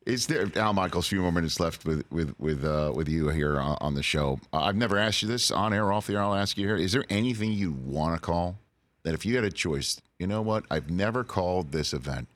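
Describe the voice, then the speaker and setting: A man's voice: low-pitched, fairly quick. A man hosting a talk show, asking questions and adding brief acknowledgements. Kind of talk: interviewing.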